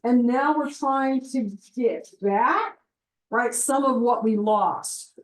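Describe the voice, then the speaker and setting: A woman's voice: fairly high pitch, slow pace, echoey room, distant mic, rough recording. A woman school principal talking with a group of parents in a conversational way, asking them questions. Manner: conversational, asks the audience questions. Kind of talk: addressing parents at a meeting.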